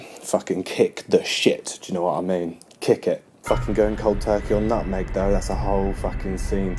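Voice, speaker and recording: A young man tells a mock anti-drug confession in a slangy, laddish way, swearing often. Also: low voice. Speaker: comedy sketch performer.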